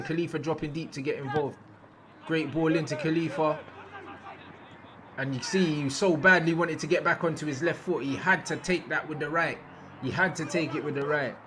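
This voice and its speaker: A young man with a voice on the high side comments casually on football footage using slang. He tends to repeat phrases and gets loud when big moments arrive.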